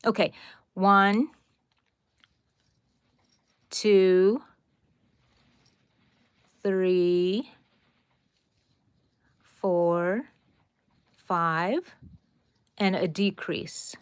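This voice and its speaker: Middle-aged woman, relaxed livestream crochet host, unhurried delivery, dry close sound. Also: medium pitch, clean tone, no echo. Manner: chatty, counts stitches aloud, greets viewers by name. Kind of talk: casual livestream tutorial chat.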